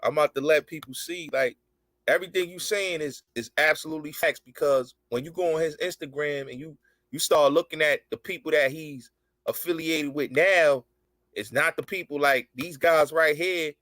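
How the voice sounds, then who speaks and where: A man's voice: on the high side, moderate pace, a bit bright, dry recording. Talkative male show host on a call. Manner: agreeable, interjects often, repeats himself. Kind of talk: casual video-call chat.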